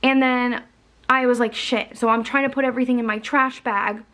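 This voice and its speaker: A woman's voice: on the high side, moderate pace. Chatty, cursing young woman vlogger. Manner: candid, profane, animated storytelling. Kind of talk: casual storytime chat.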